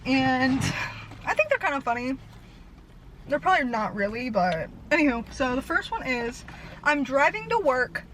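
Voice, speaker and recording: A young woman vlogger telling a rambling story fast and out of breath, laughing at herself. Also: high-pitched, animated, fairly bright tone, a little hiss or hum, rough recording. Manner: breathless, fast-talking, self-deprecating.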